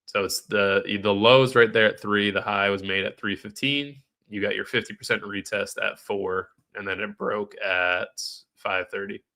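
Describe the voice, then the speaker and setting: A man's voice: fairly low pitch, steady tone, moderate pace, sharp tone. A man with a nasal, stuffed-up voice, live-streaming trading commentary in a casual way, thinking aloud and answering chat questions.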